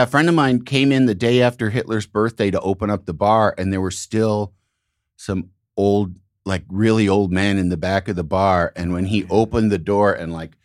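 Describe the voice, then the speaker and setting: A middle-aged man from Illinois, hosting a podcast and telling rambling, animated stories in casual conversation. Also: sits low, no echo, clean studio sound. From Illinois, United States. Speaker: podcast host.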